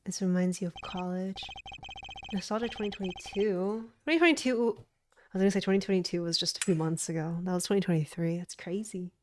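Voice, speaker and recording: A woman's voice: on the low side, a little fast, slight background noise. A woman streaming a game, chatting casually with her viewers. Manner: chatty, giggly, chats with viewers. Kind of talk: casual gaming stream chat.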